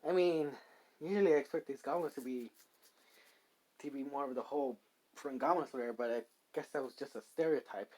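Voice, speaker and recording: A man's voice: medium pitch, brisk, darkish tone, lightly acted. Cocky young slime hero, slangy and boastful, read by a man. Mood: casual.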